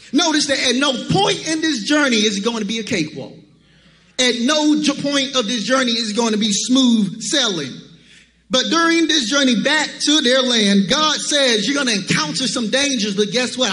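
Pastor, male, very high bright voice, emphatic sermon delivery, church hall reverb. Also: slight background noise. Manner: emphatic preaching with rhetorical questions. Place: church sanctuary.

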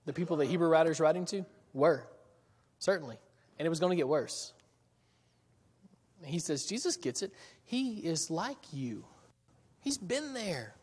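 A man preaching a sermon in an earnest way, pausing often and repeating words as he builds a point. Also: medium pitch, a little mellow, breathy edge, long reverb tail.

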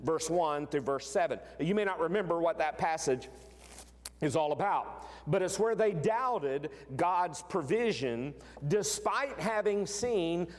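A man preaching a sermon as pastor, earnest, repeating key words for emphasis and often restarting his phrases. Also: high voice. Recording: long hall reverb.

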